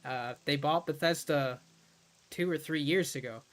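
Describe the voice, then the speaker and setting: A man's voice: a little high, unhurried, fairly bright tone. A man from Ireland streaming a game, chatting casually and rambling with lots of fillers. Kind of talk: casual gameplay commentary.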